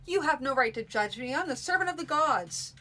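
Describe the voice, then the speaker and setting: A woman's voice: high voice, expressive, fairly quick, pushed and bright, a little hiss or hum, voice pushed up. A woman voicing a harsh, proud male priest in a fantasy story reading, righteous and unbending.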